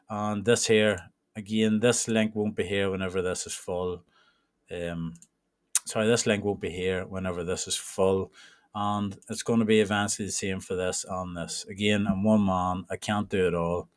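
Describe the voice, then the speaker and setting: A man's voice: lowish voice, no echo, clean studio sound. Irish man in a casual walkthrough. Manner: rambling and informal, with restarts. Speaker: trading mentor. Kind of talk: casual screen-share walkthrough.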